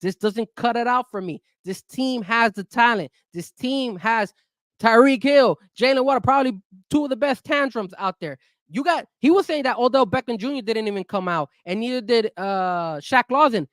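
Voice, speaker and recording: A man's voice: normal speed, dry recording, clean studio sound. A man hosting a casual sports talk show, getting heated and cursing as he rants about his team. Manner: heated, cursing, lively swings in pitch. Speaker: show host.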